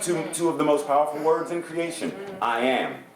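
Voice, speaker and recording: A man preaching a sermon as a guest minister, animated and playful, often laughing as he speaks. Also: fairly high pitch, moderate pace, a crowd in the background. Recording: echoey church hall.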